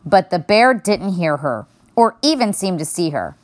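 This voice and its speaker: A woman reading a children's book chapter aloud with expressive storytelling. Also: lowish voice, moderate pace, no echo. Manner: expressive storytelling, varying her voice for each character. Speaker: reader.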